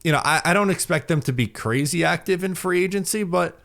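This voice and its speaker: A man's voice: fairly high pitch, a little fast, gravelly, fairly bright tone. A man co-hosting a hockey podcast, talking in a rambling, upbeat way with plenty of fillers. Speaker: podcast co-host. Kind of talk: casual hockey podcast chat.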